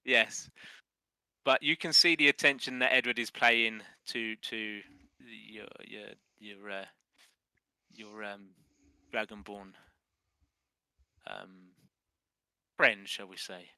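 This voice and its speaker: Chuckling English game master, bright dry voice. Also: male voice, lowish voice, steady tone, slow pace, pauses often, smooth, no room sound. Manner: stammering restarts, chuckling, says mate. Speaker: dungeon master. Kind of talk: narrating a tabletop game over a call.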